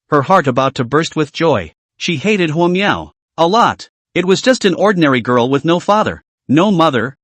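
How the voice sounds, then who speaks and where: A man's voice: a little high, no room sound. A man narrating a scripted comic story recap in a dramatic storytelling manner.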